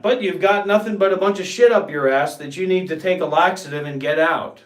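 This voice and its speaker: A scornful man rants through a livestream, swearing freely and stretching out his pauses. His voice sits higher than most men's, and the room around him rings with echo. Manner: profane, scornful, drawn-out pauses. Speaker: meditation channel host. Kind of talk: profane livestream rant. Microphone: livestream setup. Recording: echoey room.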